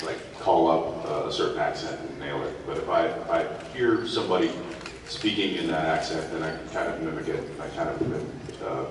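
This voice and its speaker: A man on a convention panel chatting casually and animatedly, breaking into squeaky voices to mimic. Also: background noise. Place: large convention hall. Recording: echoey hall audio from far off.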